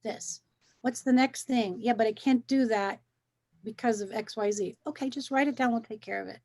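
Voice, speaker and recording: A woman hosting a wellness conversation, coaching gently and encouragingly, often repeating phrases to make her point. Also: a little high, moderate pace. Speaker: wellness talk host.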